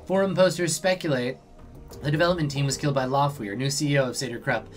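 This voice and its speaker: A man's voice: medium pitch, fast, faint music behind, close to an everyday voice. A man voicing a stiff, formal simulacrum. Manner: formal and precise.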